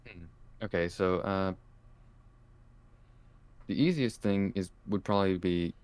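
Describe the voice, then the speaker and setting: A man from Canada, a guest on a livestream, speaking calmly and hesitantly with many pauses and fillers. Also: deep voice, no room sound. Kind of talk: casual interview chat.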